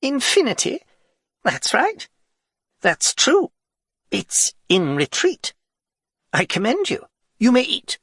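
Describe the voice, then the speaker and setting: A man's voice: extremely high pitch, huge pitch swings, slow pace, long pauses, bright, forceful tone, husky, no room sound, studio quality, voice pushed up, full character voice. A man voicing a capricious, gluttonous old king who whines and demands. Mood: grandly pleased. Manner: whiny, demanding.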